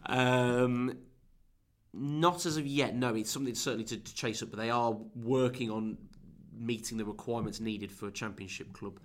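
A man's voice: mid-range voice, fairly even intonation, normal speed. A man chatting on a football podcast in an easygoing, rambling way, often restarting and calling his co-host mate. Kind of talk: casual football podcast chat.

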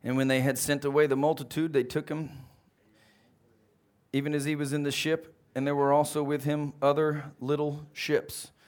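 Animated preacher quizzing his congregation. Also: on the high side, moderate pace, clean tone. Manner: animated, calls out questions to the congregation. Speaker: pastor. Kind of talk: sermon.

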